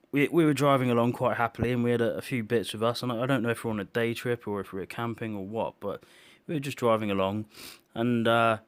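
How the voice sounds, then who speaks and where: Man, personal testimony, solemn, emotional, halting, many restarts, middle pitch. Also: steady tone, clean tone. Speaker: video maker sharing visions. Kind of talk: earnest personal testimony monologue.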